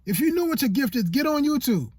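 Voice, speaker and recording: A man's voice: extremely high pitch, big pitch swings, fast, a little mellow, slightly rough, no room sound, clean studio sound. A man giving motivational vlog talk as a YouTube coach, preachy and repeating phrases for emphasis.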